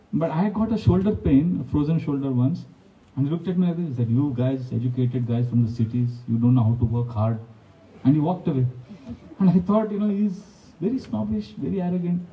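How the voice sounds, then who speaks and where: A man's voice: high voice, recorded from a distance, lo-fi sound. A man, a monk giving a devotional talk full of anecdotes, often laughing and acting out quotes. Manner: storytelling, animated, laughs often, acts out quotes.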